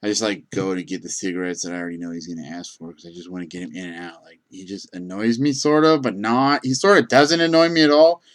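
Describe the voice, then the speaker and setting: This gas station clerk has a low voice and talks fast with few pauses. He spins meandering casual stories, stumbling through plenty of fillers and restarts.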